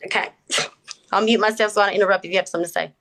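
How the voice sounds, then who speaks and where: A woman speaking deliberately with many filler words, talking into her phone during a live-stream debate. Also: mid-range voice, fairly even intonation, fairly bright tone. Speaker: TikTok live guest.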